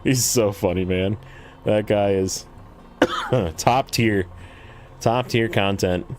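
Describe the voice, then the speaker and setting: Lowish-voiced man chatting on a game stream. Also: slow pace. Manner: rambling and self-deprecating, chatting with viewers. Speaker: gaming livestreamer. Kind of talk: casual livestream chat while playing.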